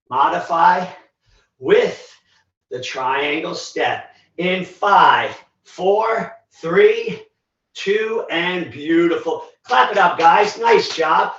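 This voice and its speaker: Winded and slow, this male instructor leads a live online workout with a high-sitting, fairly bright voice. He counts down reps, calls out moves and keeps encouraging, while the livestream sound is echoey, distant and dull.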